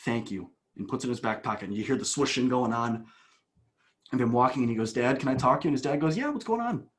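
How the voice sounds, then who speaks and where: A man, a coach, telling a long story as a podcast guest, with animated bursts and hushed asides. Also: mid-range voice, fast.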